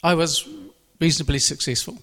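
Man, lay preacher, emotional testimony, somewhat high voice, long hall reverb. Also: brisk, fairly bright tone. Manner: earnest and emotional, repeats phrases. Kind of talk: personal faith testimony.

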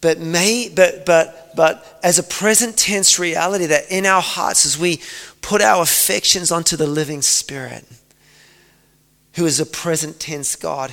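Guy preaching, kinda high voice, earnest and reflective, lots of ums, big hall echo. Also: a little slow, vocal fry, fairly bright tone. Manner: earnest, reflective, with many fillers. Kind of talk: sermon storytelling. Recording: long hall reverb.

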